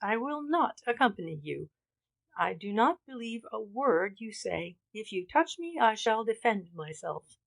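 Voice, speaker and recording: A woman's voice: a little high, sing-song, a little slow, vocal fry, fairly bright tone, pitched above the performer's own voice, heavily acted. A woman reading the part of a young orphan woman who defies her captors in a hysterical outpouring. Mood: frantic. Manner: defiant, hysterical.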